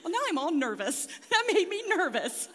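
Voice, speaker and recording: A woman's voice: high-pitched, very animated, moderate pace. A woman preaching a sermon in a chatty way, laughing between lines. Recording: loud noise, long hall reverb.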